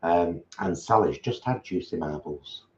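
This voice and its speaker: A playful man chats casually on a home livestream, reading comments and joking around. His pitch swings lively up and down. The room sounds echoey and a little muffled. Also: a little slow. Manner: playful, jokey, tries out silly accents. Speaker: co-host of a vegan livestream. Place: home, at a table while eating.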